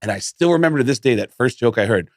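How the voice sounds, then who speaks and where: Comedian guest, male, energetic storyteller who mimics people, dry close mic. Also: medium pitch, fast, no echo. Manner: animated storyteller who acts out voices. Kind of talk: casual storytelling chat.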